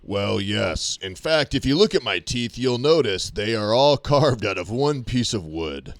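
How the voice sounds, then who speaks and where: A man's voice: on the low side, animated, measured pace, no room sound. A man voicing an ancient wooden tiki idol, a wisecracking sage who rambles through playful comic riffs. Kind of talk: ventriloquist puppet banter.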